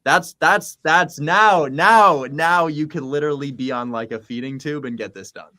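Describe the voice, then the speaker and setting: A man coaching on real estate wholesaling in casual chat, energetic and blunt, swearing freely. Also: fairly high pitch, moderate pace. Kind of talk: casual chat, animated teaching.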